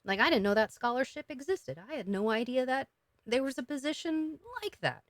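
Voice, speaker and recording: A woman giving a casual, emotional tarot reading, talking gently with many fillers and restarts. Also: high voice, lively intonation, fairly quick, no room sound, studio quality. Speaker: tarot reader.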